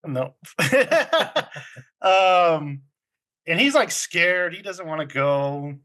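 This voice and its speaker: A man with a somewhat high voice recaps a film in an easy, rambling chat. He takes his time, laughs often and acts out the lines he quotes. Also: lively intonation, very slow, bright, forceful tone. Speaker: podcast co-host recapping a film. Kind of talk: casual chat.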